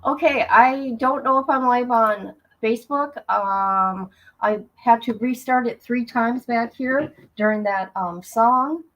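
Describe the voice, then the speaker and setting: A chatty woman hosting a casual livestream, her voice pitched a little high. She talks loosely and easily, greeting viewers one by one as she goes. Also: slow pace, dull audio. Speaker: livestream host.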